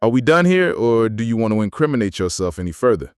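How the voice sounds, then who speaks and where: A man's voice: on the low side, big pitch swings, quick pace, clear, resonant tone, no room sound, clean studio sound. A computer voice of a man playing a smug, dismissive federal agent who lectures dryly. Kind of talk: synthetic storytelling narration.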